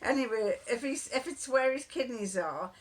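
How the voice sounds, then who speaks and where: A woman with a fairly high, expressive voice talks at a normal speed, chatting casually to the camera. This vlogger rambles and digresses through homely stories, laughing often.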